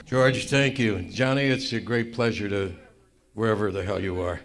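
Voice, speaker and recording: A male comedian at a roast, spinning a mock-sincere tall tale with deadpan asides. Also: fairly low pitch, normal speed. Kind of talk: stand-up storytelling at a roast. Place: club room with a live audience.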